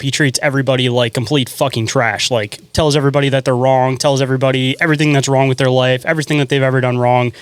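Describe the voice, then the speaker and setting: Quick-talking man, dry close sound. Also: mid-range voice, no room sound. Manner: earnest, profane, frequent "man" and "you know". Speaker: podcast host. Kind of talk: casual conversation.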